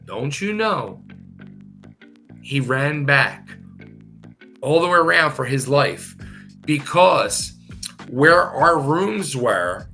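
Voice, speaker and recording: A man's voice: mid-range voice, very animated, drawn-out words, gravelly, pauses often, bright, forceful tone, faint music behind. A middle-aged man, a former wrestler guesting on a podcast, telling wild stories in a casual, profane way, laughing and repeating himself. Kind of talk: casual storytelling.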